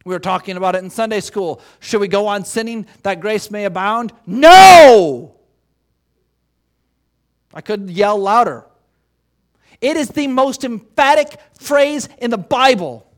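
A man's voice: high-pitched, moderate pace, a bit bright. A man preaching a sermon as pastor, emphatic, asking rhetorical questions and repeating key phrases.

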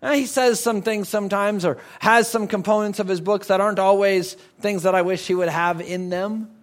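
A man's voice: high-pitched, fairly even intonation, moderate pace. A male pastor preaching a sermon in a church, conversational and emphatic, often repeating words for stress.

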